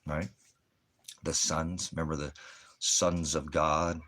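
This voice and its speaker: Very deep husky male street preacher. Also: flat delivery, takes it slowly, a bit bright. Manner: rambling, sarcastic, talks to his dogs. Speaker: pastor. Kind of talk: rambling preaching vlog.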